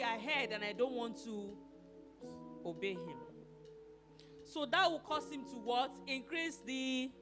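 Woman pastor, lively preacher, acts out arguments, soft music underneath. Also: on the high side. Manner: animated, acts out quarrels and asks the congregation questions. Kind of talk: sermon.

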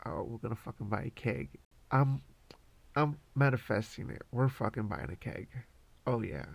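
A man's voice: mid-range voice, gravelly, husky, no echo. A man hosting a podcast, rambling casually and swearing constantly in a laid-back way. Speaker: podcast host.

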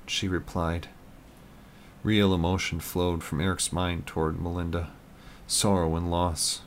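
A man narrating an audiobook in a measured, plain storytelling manner. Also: low-pitched, little pitch movement, a little hiss or hum.

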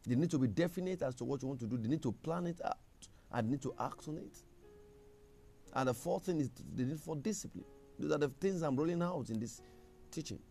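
A man preaching a sermon, emphatic, with a gravelly voice. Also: fairly high pitch, lively intonation, fairly quick, faint music behind. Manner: emphatic, rising to loud scripture reading.

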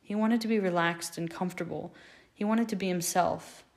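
A woman reads a story aloud in a measured, expressive way. Her voice sits on the low side, and her pacing stays steady. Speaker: fan fiction reader. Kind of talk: scripted storybook narration.

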